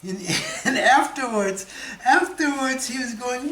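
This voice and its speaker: A man telling lively stories to an audience, imitating sounds and laughing often, with a pause after each line for an interpreter. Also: very high-pitched. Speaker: Buddhist teacher telling stories. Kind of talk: storytelling talk with interpreter. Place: meditation centre hall. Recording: echoey hall, faint noise.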